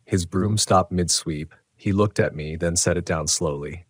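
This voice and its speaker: Deep-voiced man narrating a horror story. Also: slightly rough, dry recording. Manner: measured, tense storytelling.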